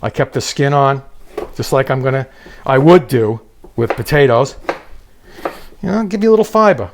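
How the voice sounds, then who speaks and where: Joking through a kitchen cooking demo, this show host keeps tossing teasing asides to his audience. He speaks in a mid-range voice with lively intonation at a normal speed, pausing often over background noise.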